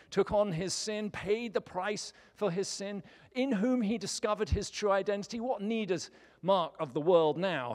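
A man preaching a sermon, telling stories with a light, humorous touch. His voice sits a little high for a man. A long church reverb trails every phrase. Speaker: pastor. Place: church sanctuary.

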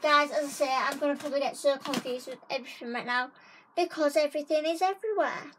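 A woman's voice: high-pitched, fast talker, a bit bright, a little hiss or hum, poor audio. A young woman chatting in a casual haul vlog from her bedroom, gushing and talking straight to her viewers. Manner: gushing, chatty, keeps saying guys. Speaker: vlogger. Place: bedroom at home.

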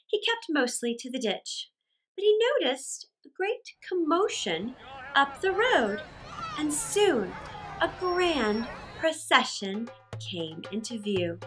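Animated woman reading fables to kids. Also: high-pitched. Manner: animated and expressive, slow and clear. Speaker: storyteller for children. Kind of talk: children's read-aloud narration.

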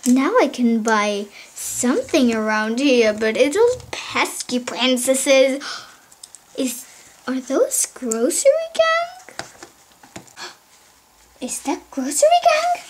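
A woman's voice: high voice, heavily acted. A woman voicing a scheming, greedy female villain doll in a toy play video, gleeful and sneaky, recorded at home with noise behind. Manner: gleeful, scheming, whispers to hide.

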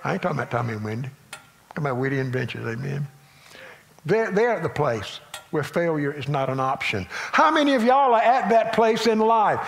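A man's voice: fairly high pitch, very animated, brisk, creaky, slight background noise. Folksy Southern preacher, a man. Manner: folksy preaching, swings between loud emphasis and quiet asides. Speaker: pastor. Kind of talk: sermon.

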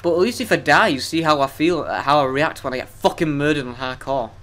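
A man's voice: a little high, animated, a little fast, fairly bright tone. A young man giving profane, sarcastic, self-mocking commentary while playing a video game. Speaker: let's play gamer. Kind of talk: gameplay commentary.

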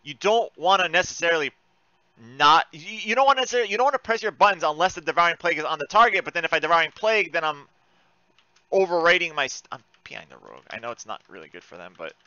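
Guy yelling and muttering over his game, lots of swearing, bright bouncy voice, keyboard clicking. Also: on the high side, lively intonation, quick pace, clean tone, no room sound, muffled recording. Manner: swears a lot, frantic outbursts and mutters. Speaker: gaming streamer. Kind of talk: live gameplay commentary.

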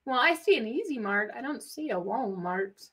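Bright-voiced East Texas woman, chatty. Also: fairly high pitch, expressive, normal speed, husky. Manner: chatty, rambling, laughs often, drawls when teasing. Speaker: co-host of a genealogy live stream. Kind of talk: casual live-stream chat.

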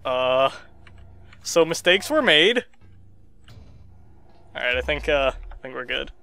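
A man giving casual gaming commentary, profane and animated, with sudden outbursts. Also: medium pitch, slow pace, creaky. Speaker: let's play host.

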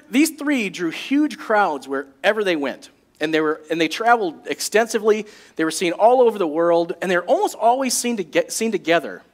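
A man preaching a sermon as a pastor, in a jokey and animated way. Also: a little high.

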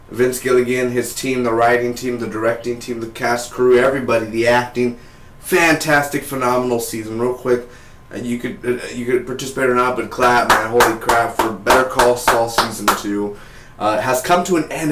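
A man giving a casual, excited spoiler review of a TV episode, chatty and tossing in "man" and "dude.". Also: mid-range voice, echoey room, low-quality recording. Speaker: TV show reviewer.

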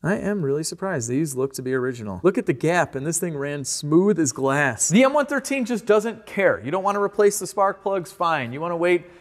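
A man hosting a car-repair video who explains his work casually and jokes between tasks, sometimes letting out excited whoops. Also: on the high side, fairly quick, few pauses. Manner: upbeat and joking, with sudden excited whoops. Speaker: host and car mechanic. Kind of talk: casual repair vlog commentary. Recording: echoey garage reverb.

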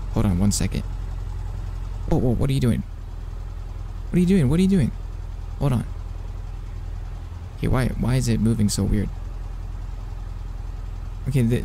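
Excitable young man streaming a game. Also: medium pitch, a little hiss or hum. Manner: excitable, talks to himself, repeats words, flustered. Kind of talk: live gameplay commentary.

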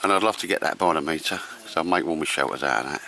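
Low-voiced male vlogger, slangy and chatty, recorded outdoors with light background noise. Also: rapid-fire, bright, forceful tone. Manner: chatty, slangy, keeps saying ladies and gents. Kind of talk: casual camping vlog walkthrough. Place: outdoors at a campsite.

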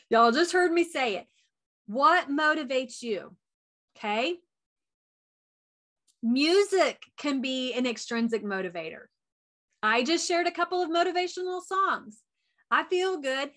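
A woman, giving a chatty, animated motivational talk as a wellness coach. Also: high voice. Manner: chatty and animated, says y'all a lot; talks fast.

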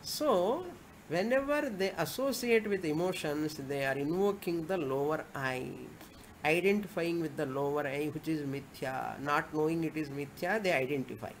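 A woman's voice: sits low, lively intonation, normal speed, a little hiss or hum. A woman spiritual teacher, explaining scripture patiently and repeating Sanskrit verse phrases as she goes. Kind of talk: scripture lecture.

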